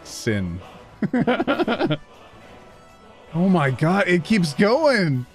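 A woman's voice: on the low side, huge pitch swings, extremely slow, soft background music. A woman hosting a casual reaction video, laughing often and reacting to clips.

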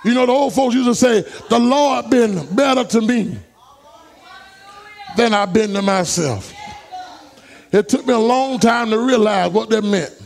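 A preacher delivering a fervent sermon in a church, building into shouts and sudden high whoops. His voice sits unusually high for a man and carries a gravelly edge. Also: a little slow, pauses often. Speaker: pastor. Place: church sanctuary.

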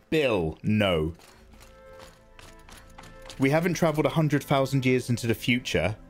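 A man chatting through live gameplay, excitable and jokey, thanking viewers as he plays. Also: medium pitch. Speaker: gaming streamer.

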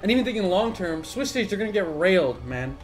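A man's voice: sits high, very animated, fast talker, soft background music. A young man making a gaming video, ranting in an agitated, profane way. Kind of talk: profane live-reaction rant.

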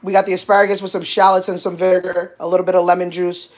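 A man's voice: high-pitched, racing. Upbeat man hosting a kitchen stream. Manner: excitable, joking, self-deprecating. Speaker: cooking show host. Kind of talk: casual live-stream chat. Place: home kitchen.

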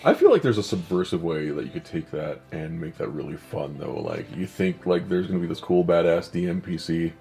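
A man's voice: deep voice, animated, a little fast, vocal fry, few pauses, mellow, faint music behind. A man hosting a casual tabletop gaming chat, joking and often laughing. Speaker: show host and game master.

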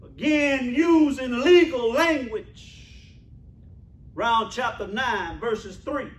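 A man preaching a sermon in a church, calling out to the congregation and repeating his phrases, swinging from shouts to hushed asides. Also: extremely high pitch, slow pace, reverberant, far from the mic. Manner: calls out to the congregation. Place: church sanctuary.

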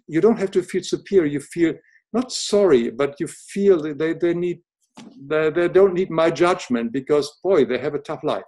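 An older man speaks with a noticeable foreign accent. He talks in a soft, earnest and reflective way. He often pauses and restarts his sentences as he thinks aloud in casual conversation. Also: on the high side. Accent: noticeable non-native English accent. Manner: halting, many restarts, soft-spoken and earnest. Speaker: podcast guest.

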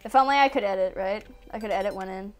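A young woman giving casual gameplay commentary, excitable, yelping and laughing as she plays. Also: mid-range voice, fast talker, faint music behind. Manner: excitable, yelps and laughs at the game. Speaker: gaming channel host.

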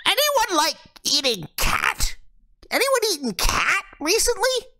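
Man doing a high greedy fish creature. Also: huge pitch swings, measured pace, vocal fry, bright, forceful tone, full character voice. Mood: hungry, greedy.

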